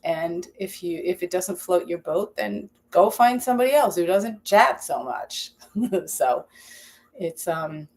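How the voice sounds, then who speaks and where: A woman hosting a live stream from her home kitchen, with a slightly low voice. She chats loosely and rambles, stopping to read viewer comments aloud. The talk is casual and unscripted. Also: expressive, takes it slowly, vocal fry, darkish tone. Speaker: cooking channel host.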